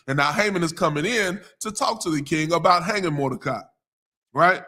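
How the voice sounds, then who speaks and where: A man reading scripture aloud slowly, then retelling it in casual everyday talk as a teacher. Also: fairly high pitch, bright, forceful tone. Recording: live stream talk.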